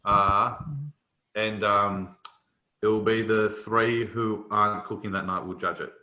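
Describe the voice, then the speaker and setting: A man's voice: fairly low pitch, level tone, a little slow, sharp tone, echoey room. A man with an Australian accent, co-hosting a podcast in casual, blunt and opinionated banter. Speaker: podcast co-host. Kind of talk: casual chat.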